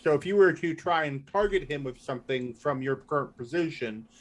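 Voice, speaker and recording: A man acting as game master, chatting casually and thinking aloud while fiddling with game software. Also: fairly high pitch, lively intonation, fairly quick. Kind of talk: running a tabletop game online.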